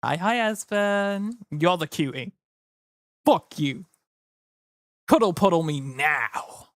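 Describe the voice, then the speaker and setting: A man's voice: a little high, lively intonation, slow pace, fairly bright tone, no echo, studio quality. A tired man chatting casually to his live-stream audience, rambling and joking. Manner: rambling, jokey, slips into silly voices. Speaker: livestreamer.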